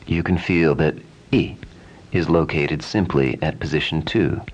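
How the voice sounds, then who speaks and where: A man teaching Sanskrit pronunciation, speaking calmly and repeating vowel sounds again and again as drills. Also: sits low. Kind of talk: slow, deliberate pronunciation lesson.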